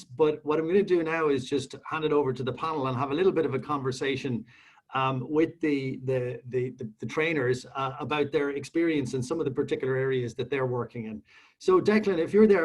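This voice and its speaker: Halting man hosting a panel, distant mic. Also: mid-range voice. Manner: halting, many restarts and fillers. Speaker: panel host.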